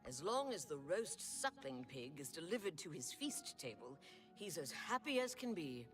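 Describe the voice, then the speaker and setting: A woman's voice: low-pitched, sing-song, normal speed, fairly bright tone, soft background music. A woman voicing a bitter townswoman who complains with scorn about the corrupt guards. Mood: weary. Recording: game audio, slightly distant.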